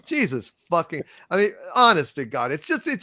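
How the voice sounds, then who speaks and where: A man's voice: on the high side, wildly swooping pitch, moderate pace, pushed and bright, no echo. Profane ranting man, dry sound. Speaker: panel show host. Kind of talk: live-stream panel chat.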